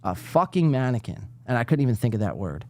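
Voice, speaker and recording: A man hosting a live podcast, ranting in a profane, sarcastic way while reacting to clips. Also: fast. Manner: lively, jumpy pitch. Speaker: podcast host. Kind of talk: casual live-stream commentary.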